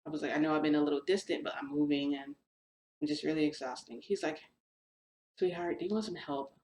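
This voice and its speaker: Chatty low-voiced woman, echoey room. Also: quick pace, slight background noise. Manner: chatty, animated retelling with quoted dialogue. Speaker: vlogger telling a shifting story. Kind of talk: casual storytelling.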